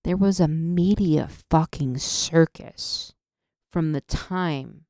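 A woman's voice: low-pitched, slow, warm tone, no room sound, studio quality. A woman hosting a solo podcast, ranting in an emotional, profane way, often stopping and restarting her sentences. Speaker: podcast host. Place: podcast studio.

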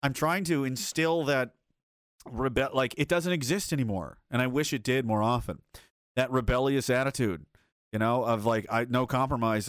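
A man's voice: medium pitch, normal speed, a bit bright, no echo, clean studio sound. A man hosting a livestream and reading chat aloud, riffing sarcastically with lots of swearing and laughter.

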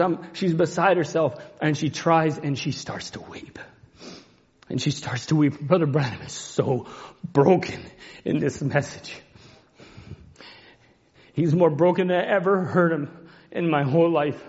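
Impassioned high-voiced preacher, dull lo-fi sound. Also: male voice, a little slow, pauses often, slightly rough. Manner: impassioned, swings between hushed and rising cries. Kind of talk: emotional sermon retelling a story. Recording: dull lo-fi recording.

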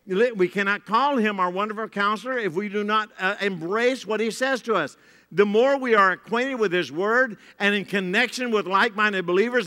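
A man's voice: sits high, sharp tone. A man pastor delivering a sermon, preaching emphatically to the congregation and repeating phrases for effect. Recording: long reverb of a large hall.

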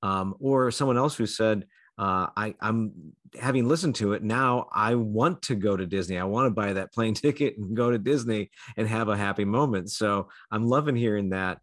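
Low-voiced co-host guy, lots of ums, dry sound. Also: normal speed, a bit bright, no room sound. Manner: hesitant, many fillers. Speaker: podcast co-host. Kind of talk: casual podcast chat.

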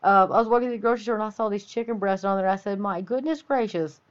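A woman's voice: medium pitch, steady tone, rapid-fire, smooth. A woman from the Texas Panhandle, hosting an opinionated monologue with a folksy, preachy and emphatic delivery. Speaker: podcast host. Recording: dull lo-fi audio.

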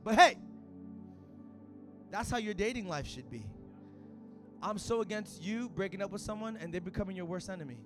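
A man preaching a sermon at a church service in casual, slang-filled talk that rises to shouts. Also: high voice, animated, moderate pace, long pauses, music in the background. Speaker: pastor.

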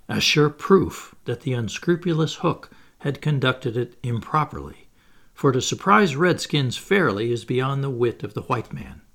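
A man narrating a classic storybook in a measured, expressive reading. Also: mid-range voice. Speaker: audiobook narrator.

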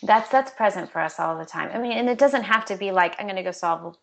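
A woman's voice: medium pitch, lively intonation, quick pace, vocal fry. A woman public speaking trainer, a podcast guest, talking earnestly in a casual style full of "like" and "you know". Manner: warm-hearted, earnest, lots of "like" and "you know" fillers. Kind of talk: casual conversational interview.

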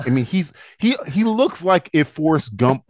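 Podcast host, male, animated pitch, jokey banter, dry mic. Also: moderate pace, no echo. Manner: joking, laughs often, riffs on voices. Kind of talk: casual comedic chat.

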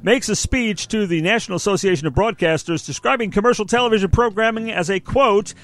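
Man in his 60s, casual host chatter, rambling, fairly high voice, dry close sound. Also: fast talker, no echo. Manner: chatty, rambling, laughs at his own asides. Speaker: podcast host. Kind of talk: casual chat.

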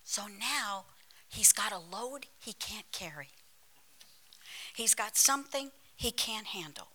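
Bright-voiced woman preaching, slow and emphatic. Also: medium pitch, animated, low-quality recording. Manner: emphatic, drops into dramatic whispers; storytelling with humor, calls to the congregation. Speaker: pastor. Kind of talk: sermon. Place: church.

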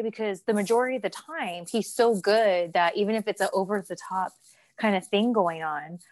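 Animated woman telling stories, dry close mic. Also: medium pitch, no room sound. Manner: animated storyteller, acts out quotes. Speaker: co-host. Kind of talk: casual podcast chat.

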